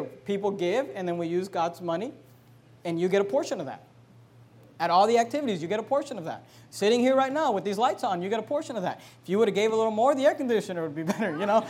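A male pastor with a notably high-pitched voice delivers a fiery sermon in his church. He preaches emphatically, swinging between sudden loud, drawn-out declarations and quieter, conversational asides to the congregation. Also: lively intonation. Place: church sanctuary.

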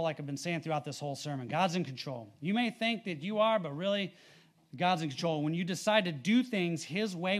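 A man preaching a sermon, reading scripture with emphasis and telling stories in a casual, conversational way. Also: sits high. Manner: animated, rising loud on scripture readings; conversational with fillers and storytelling.

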